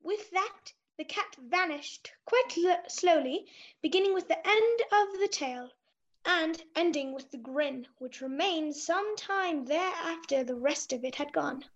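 A woman narrating a storybook drama in a gentle, measured way. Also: very high voice, expressive, highs cut off.

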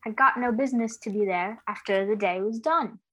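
An actress playing an odd tea-party guest who recites verse in a sing-song way. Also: female voice, mid-range voice, moderate pace, lightly acted. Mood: reciting. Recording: loud clattering dishes behind.

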